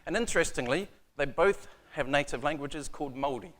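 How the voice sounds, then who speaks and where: A man's voice: a little high, expressive, brisk, a bit bright, slight background noise. New man giving a casual tech talk. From New Zealand. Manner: casual, self-deprecating, many ums and uhs. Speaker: conference speaker. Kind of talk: technical conference talk. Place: conference room.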